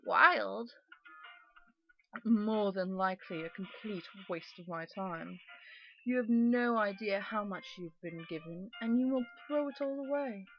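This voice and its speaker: A woman's voice: mid-range voice, a little slow, close to an everyday voice. A woman voicing a stern older male professor who speaks in a clipped, disdainful way, over game music. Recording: dull recording with game music.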